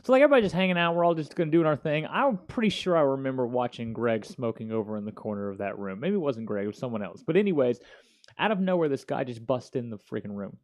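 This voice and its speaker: A man's voice: medium pitch, quick pace. Slangy man telling a story on a podcast. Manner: slangy, animated, peppered with "dude" and "yo". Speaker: podcast host. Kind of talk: casual storytelling chat.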